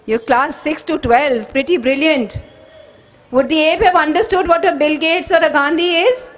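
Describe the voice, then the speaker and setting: A woman with an Indian English accent addressing students at a school event, telling a story slowly and dramatically and asking the children questions. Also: sits high. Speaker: school vice-chairperson.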